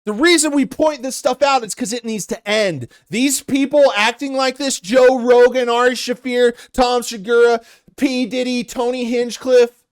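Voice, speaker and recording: A young man rants through reaction commentary, exasperated and swearing as he goes. His voice sits high for a man. The sound is dry and close, with no room around it. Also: steady tone, moderate pace, clean tone, dry recording. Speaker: commentary host.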